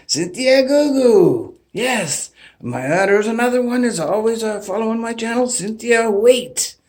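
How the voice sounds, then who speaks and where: A man with a high voice talks casually to his channel in a rambling, animated way. He sounds like he is in his thirties. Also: a little slow. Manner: rambling, animated, greets each name warmly. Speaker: channel host. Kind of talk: casual shout-out vlog.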